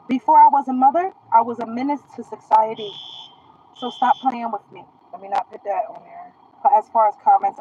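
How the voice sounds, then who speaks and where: A woman's voice: fairly high pitch, a little mellow, highs cut off, slight background noise. A woman streaming live from her phone, ranting in a defiant, boastful, profane way. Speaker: social media live streamer. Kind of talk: casual live-stream rant.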